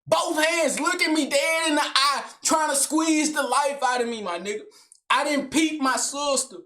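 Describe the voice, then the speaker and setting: A young man recounts a family fight in loose, slangy street talk, animated and blunt. His voice sits high and bright, with a sharp edge when he gets worked up. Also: normal speed. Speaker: storyteller. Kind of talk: casual storytime vlog.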